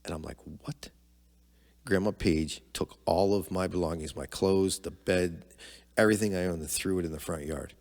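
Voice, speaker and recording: Middle-aged guy, really deep voice, telling an old story on a podcast, candid, long echo on it. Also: normal speed, darkish tone. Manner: candid, conversational, acts out quoted dialogue. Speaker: podcast guest, father of the host. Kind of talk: personal storytelling.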